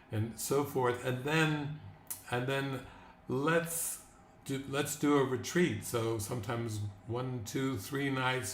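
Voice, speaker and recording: A man hosting a spiritual talk, speaking in a calm, reflective way. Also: mid-range voice. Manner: calm, reflective, frequent agreeing. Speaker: host. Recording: roomy with faint noise.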